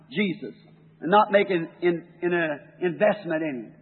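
A man preaches a fervent, emphatic sermon in a high, husky voice. The sound is a thin, phone-like old tape, with the long reverb of a large hall behind him. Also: very animated, normal speed. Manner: fervent, rising to emphatic peaks.

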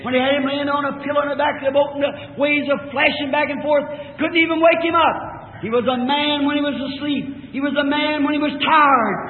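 A man with a very high voice preaches a revival sermon, fervent and climbing into shouts. He sounds distant in a large, reverberant hall. The old recording is thin and phone-like, with a little noise behind him. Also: fairly even intonation, fairly quick.

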